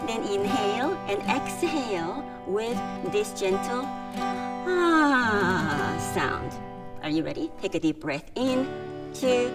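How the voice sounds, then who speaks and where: A woman music therapist gently guiding a group through breathing and voice exercises, with encouraging praise. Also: medium pitch.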